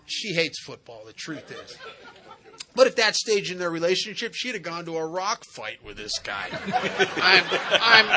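A man's voice: high voice, sing-song, unhurried, a crowd in the background. A man speaking at a recovery meeting, telling funny stories about relationships in a folksy, wisecracking, emphatic way. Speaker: AA speaker sharing his story. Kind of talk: humorous recovery talk at a meeting.

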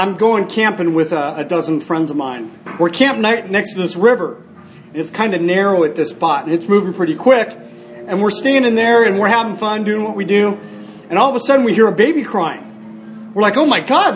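Man, high-pitched, earnest speaker at a recovery meeting; animated storyteller who restarts often. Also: slight background noise. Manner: storytelling, animated when acting out scenes. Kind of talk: personal share with told stories.

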